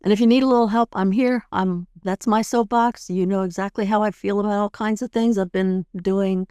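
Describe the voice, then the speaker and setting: A middle-aged woman hosting a podcast, calmly guiding listeners step by step through a tapping routine and often checking in with "right?". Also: mid-range voice, a little fast, clean tone, no echo, studio quality. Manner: calm, guiding, demonstrates steps. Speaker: podcast host and tapping coach. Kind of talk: instructional podcast talk.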